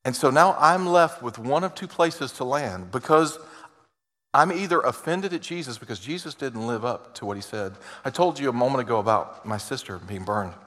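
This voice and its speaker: A man preaching a sermon as a pastor, earnest, moving between loud emphasis and quiet, intimate asides. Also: medium pitch, expressive, normal speed, in a large hall.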